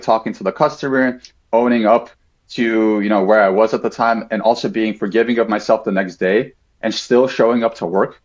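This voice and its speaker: A man in his thirties, a podcast guest, telling a personal story in a casual, reflective way, with a lot of "like" fillers. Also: fairly low pitch. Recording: dull lo-fi sound.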